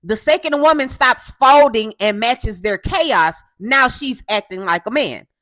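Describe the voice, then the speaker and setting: Woman host, coarse and assertive, talks loud in a dry booth. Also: on the high side, animated, a little slow, no echo. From Houston, Texas. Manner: loud, assertive, keeps asking "okay?". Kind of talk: casual commentary monologue.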